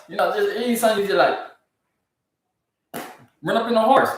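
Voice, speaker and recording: Someone rants in disbelief about odd news stories in casual comedic commentary, laughing often. The voice is medium-pitched and very animated at normal speed with long pauses, recorded far from the mic in a very echoey space.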